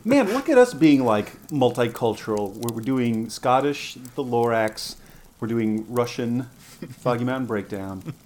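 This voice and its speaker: A man's voice: medium pitch, expressive, a little slow, a little mellow. A man co-hosting a casual podcast, reacting and laughing as his partner tells a story. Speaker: podcast co-host. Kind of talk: casual chat.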